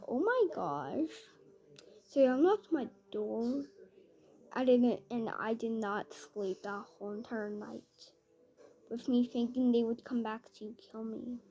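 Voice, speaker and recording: A woman's voice: a little high, warm tone. A woman telling an improvised scary story in a rambling way, quoting everyone with "I was like".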